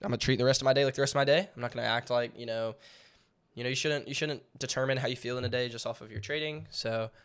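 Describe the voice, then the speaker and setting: A man's voice: medium pitch, fairly even intonation, fast, a bit bright, clean tone. Young guy, loose rambly recap voice, jokingly dramatic, fillers everywhere. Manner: rambling, repeats words, many fillers; jokingly theatrical. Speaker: day trading channel host. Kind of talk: casual trade recap over charts.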